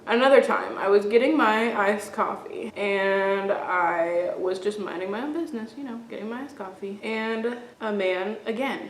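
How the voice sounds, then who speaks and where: A woman's voice: medium pitch, slight background noise. A young woman and beauty vlogger, chatting casually and rambling through stories while doing her makeup, often laughing. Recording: roomy echo.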